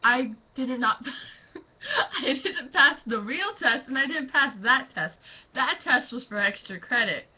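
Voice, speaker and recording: A woman's voice: high-pitched, expressive, slow pace, slightly rough, lo-fi sound. A teenage girl chatting about teachers to her camera, rambling with lots of fillers and breaking into giggles. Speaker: student vlogger. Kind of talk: casual storytelling.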